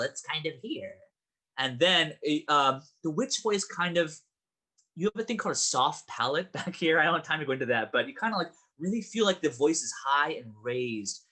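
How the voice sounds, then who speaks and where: A man's voice: a little high, sing-song, moderate pace, sharp tone. A man teaching an online acting class, explaining and demonstrating voices in a friendly way. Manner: friendly, demonstrative, with vocal sounds and asides.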